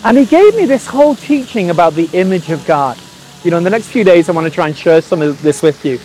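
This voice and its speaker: A preacher tells a personal story in a high voice. He recounts it with lively energy and acts out the quoted lines. Faint sizzling noise sits behind him. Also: fast, rough recording. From England. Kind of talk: storytelling sermon.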